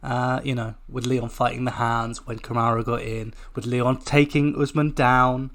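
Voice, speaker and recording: A man co-hosting a sports podcast in casual chat, measured and analytical, often breaking off and restarting. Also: medium pitch, level tone, a bit bright. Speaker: podcast co-host.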